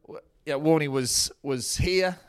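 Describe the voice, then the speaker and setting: A man's voice: fairly high pitch, unhurried, smooth. A man, a former cricketer who tells rambling, chuckling stories about an old teammate in a casual interview.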